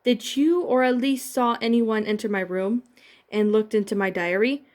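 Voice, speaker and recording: A woman voicing a guarded, quick-tempered teen girl sorceress with a stern, snapping manner in a fan-fiction reading. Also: on the high side, a little mellow, lightly acted.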